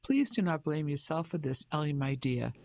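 A man's voice: a little high, expressive, normal speed, creaky, a little mellow, no echo. A man reading a blustering middle-aged businessman. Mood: patronizing. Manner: blustering, patronizing. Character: pompous fifty-five-year-old English businessman husband. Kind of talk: audiobook character voice.

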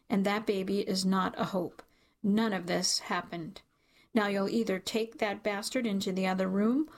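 A man's voice: high voice, vocal fry. A woman voicing a stern, cold middle-aged father in an audiobook, speaking curtly and with disdain. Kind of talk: audiobook character reading.

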